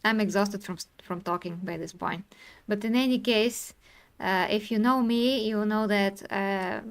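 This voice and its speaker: Woman streamer, earnest and insistent, middle pitch, tired edge. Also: smooth. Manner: earnest, insistent, quick to apologize. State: tired from talking. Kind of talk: live stream discussion.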